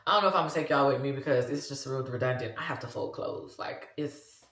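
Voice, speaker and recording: With a very deep, slightly bright voice and a quick pace, this Louisiana-accented vlogger in her forties talks casually to her audience. She calls them "y'all," and the recording has a roomy sound.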